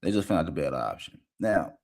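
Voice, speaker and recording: A man hosting a casual livestream show, rambling and slangy, talking a lot while high. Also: sing-song, brisk, gravelly. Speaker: podcast host.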